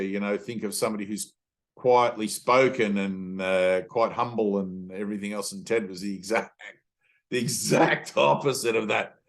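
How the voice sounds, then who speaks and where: In a somewhat low, fairly bright voice, a man who teaches spirituality gives an informal talk. He loosely tells stories packed with fillers and mimics the voices of the people he quotes.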